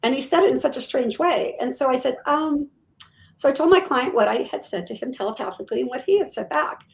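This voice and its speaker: Middle-aged woman medium, animated storyteller, voice on the high side. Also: a little fast, vocal fry, rough recording. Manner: animated, acts out quotes. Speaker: psychic medium guest. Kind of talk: casual storytelling in an interview.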